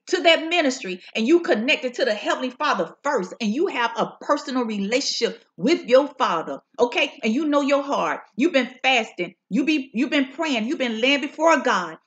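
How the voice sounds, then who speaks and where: At home, a prophetic preacher delivers impassioned preaching in a high, fervent voice full of lively swoops. She repeats lines for emphasis and stretches out soulful "ooh" and "mm" sounds.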